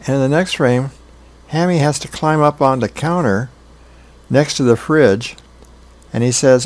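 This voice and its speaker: A man, a volunteer radio reader, reading comic strips aloud in a relaxed, plain storytelling way. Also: mid-range voice, a little slow, long pauses.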